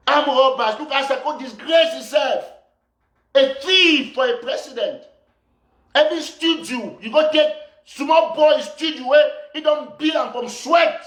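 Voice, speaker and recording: Cameroonian Pidgin-accented activist host, man, high voice, accusatory and repetitive, echoey room. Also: unhurried, a bit bright. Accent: Cameroonian Pidgin English. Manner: fiery and accusatory, repeats phrases for emphasis. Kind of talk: impassioned political rant to live viewers.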